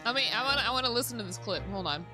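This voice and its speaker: A woman's voice: on the high side, lively intonation, very fast. A woman streamer chatting casually while playing, laughing often and swearing freely. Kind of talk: casual game-stream chat. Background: background music.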